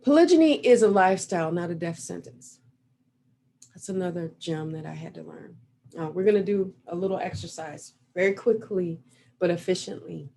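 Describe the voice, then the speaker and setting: Earnest woman coach, lower voice. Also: expressive, normal speed, gravelly, mellow. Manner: earnest, reflective, guiding listeners through an exercise. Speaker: relationship coach. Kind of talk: motivational talk. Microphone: video call. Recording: faint noise over a video call.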